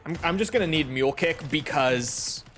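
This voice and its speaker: A man's voice: on the high side, normal speed, fairly bright tone. Chatty gamer man rambling over gameplay. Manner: rambling, chatty, self-correcting. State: has the hiccups. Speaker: gaming streamer. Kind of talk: casual gameplay commentary.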